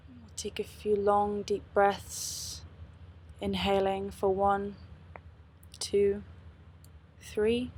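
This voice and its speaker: A woman yoga teacher guides a meditation in a slow, soft-spoken way. Her pitch sits in a middle range and barely moves, which keeps the delivery steady and even. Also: slight background noise.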